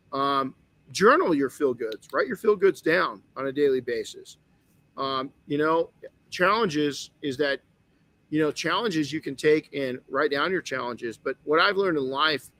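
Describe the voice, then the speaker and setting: A man's voice: medium pitch, fairly bright tone. Candid man telling a personal story. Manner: candid storytelling, frequent restarts. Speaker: podcast host. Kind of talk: motivational podcast talk.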